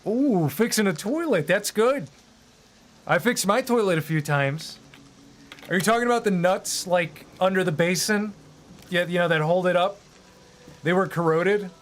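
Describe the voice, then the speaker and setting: A man's voice: high-pitched, normal speed, pauses often, a little hiss or hum. A young man chatting casually on a live stream, joking and rambling as he goes.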